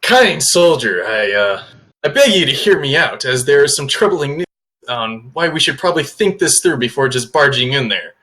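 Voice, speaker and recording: A man's voice: medium pitch, very animated, sharp tone. A man voicing a courteous, scheming male warrior ally in a tabletop game, speaking formally with some hesitation. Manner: polite, formal, measured, halting.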